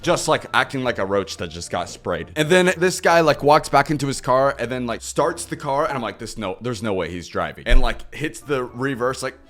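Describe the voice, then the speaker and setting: A young male streamer talks casually into a desk mic at home, jumping between loud animated outbursts and low muttered asides. His voice sits at an ordinary mid pitch. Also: normal speed, hardly any pauses, soft background music. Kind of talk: casual live-stream rant. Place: home computer setup.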